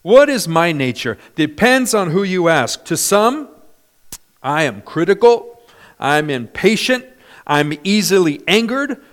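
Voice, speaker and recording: A man in his fifties delivers a sermon with a voice pitched a little above most men's. He preaches in an emphatic but conversational way. He keeps turning to his congregation for an amen. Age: 50s. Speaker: pastor.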